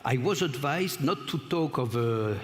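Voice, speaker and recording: A man with a French accent giving a conference lecture, speaking haltingly with many pauses and fillers. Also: mid-range voice, expressive. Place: large lecture hall. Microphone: stage microphone. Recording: echoey lecture hall with long reverb.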